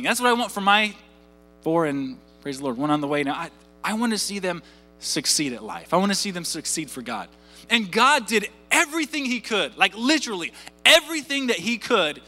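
Male pastor, 30s, high, forceful tone, faint music under the sermon. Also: in a large hall. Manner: conversational, repeats words, asks the audience questions.

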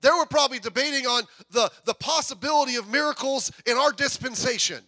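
A man's voice: very high voice, fairly quick, hardly any pauses, pushed and bright, no echo. A middle-aged man preaching a sermon in a conversational, joking way that swells into bursts of intensity. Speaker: pastor.

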